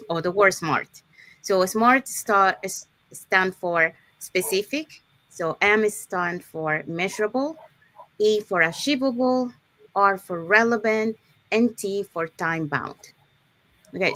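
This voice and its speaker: A woman with a somewhat low voice hosts a live online session. She breaks ideas down patiently, often restarting sentences and checking in with "okay?". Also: fairly bright tone. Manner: explains step by step with many okays and restarts. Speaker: host.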